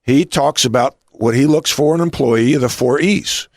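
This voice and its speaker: Gravelly middle-aged guy hosting a chat, dry close sound, lots of restarts. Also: mid-range voice, normal speed, no echo. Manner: storytelling, many restarts. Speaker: podcast host and coach. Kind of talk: conversational interview.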